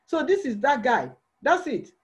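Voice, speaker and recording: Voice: sits high, very animated, moderate pace. A preacher delivering a church sermon, pressing the listeners with repeated rhetorical questions.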